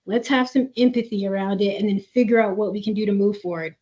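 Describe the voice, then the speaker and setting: A woman's voice: mid-range voice, quick pace. A woman presenting a school webinar for parents, reading out their questions and giving coaching advice with many fillers. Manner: reads parent questions aloud, then coaches warmly with filler words. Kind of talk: live webinar Q&A. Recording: dull lo-fi webinar audio.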